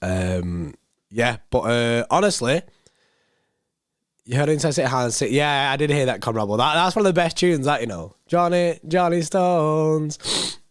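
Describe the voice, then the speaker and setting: A young man with a hoarse, worn voice chats loosely on a football live stream, reading out chat messages. He rambles and repeats himself in an easy, unhurried way. The sound is dry and close to the microphone. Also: on the high side, expressive, dry recording. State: hoarse, voice going.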